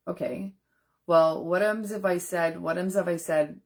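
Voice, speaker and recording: Speaking a little slowly in a steady tone, this woman has a voice on the low side with a darkish quality. The nutrition coach holds a casual live-stream chat, earnestly responding to her viewers' comments.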